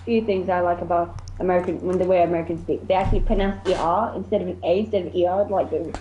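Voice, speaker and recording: A woman's voice: fairly low pitch, fairly even intonation, fast, dark tone, a little hiss or hum. A woman, co-hosting a casual podcast and rambling through points with many restarts. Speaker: podcast co-host. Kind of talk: casual group chat. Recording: roomy echo, dull lo-fi mic.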